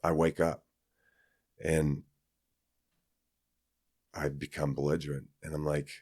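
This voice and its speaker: A man's voice: extremely low pitch, flat delivery, slow, darkish tone, breathy edge, no echo, clean studio sound. A man from Kansas, a podcast guest, telling a personal story in a rambling, casual way with many fillers and restarts.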